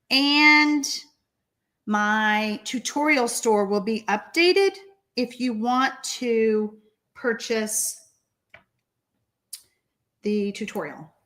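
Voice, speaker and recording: A woman with a slightly high voice and a Texan accent hosts a live card-making lesson, drawing out her words and leaving long pauses, chatty and excitable as she stamps and reads comments.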